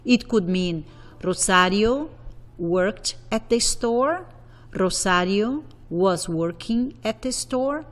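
A woman teaching a Spanish grammar lesson, working slowly through verb conjugations one form at a time. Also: mid-range voice. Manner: slow, methodical, repeating conjugations. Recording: long reverb.

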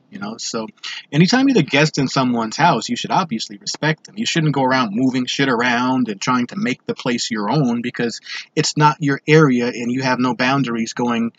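Man, blunt and profane, rambling monologue, husky voice, muffled lo-fi sound. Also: mid-range voice. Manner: blunt, swears constantly, rambling asides. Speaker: show host. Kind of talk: profane personal storytelling monologue.

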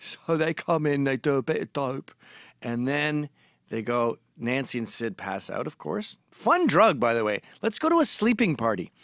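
A man's voice: mid-range voice, animated, measured pace, gravelly, a bit bright, no room sound, studio quality. A man hosting a storytelling monologue, gossipy and blunt, turning urgent and emphatic when he warns. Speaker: host.

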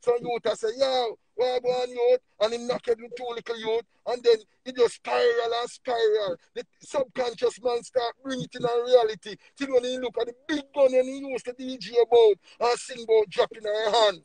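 A man with a Jamaican accent preaching emphatically on a livestream, swinging between low murmurs and loud bursts. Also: fairly quick, hardly any pauses, no room sound. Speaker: livestream speaker.

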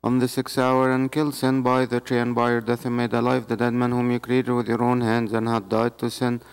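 A man, a priest, reading liturgical prayers in a measured, solemn way in a church. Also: mid-range voice, monotone, clear, resonant tone. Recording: reverberant church hall.

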